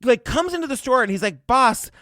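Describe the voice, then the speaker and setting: A man co-hosting a podcast in casual chat, recapping a story in an expressive, profane way. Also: very high-pitched, fast, no echo, clean studio sound. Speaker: podcast co-host.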